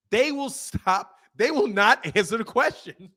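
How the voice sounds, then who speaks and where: With an extremely high pitch but a measured pace, this boxing channel host chats casually into his camera. The commentary is animated and full of slang and frequent laughs, recorded through the camera mic.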